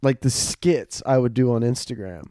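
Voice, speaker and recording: Young man telling animated stories. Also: mid-range voice, normal speed, dry recording, clean studio sound. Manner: animated storyteller, acts out quotes, laughs often. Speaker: podcast host. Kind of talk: casual chat.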